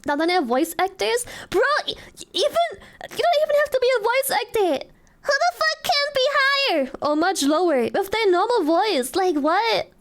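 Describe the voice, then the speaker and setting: A young adult woman streaming casually, giggly and swearing a lot as she excitedly thanks donors. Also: very high voice, moderate pace. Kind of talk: casual live-stream chat.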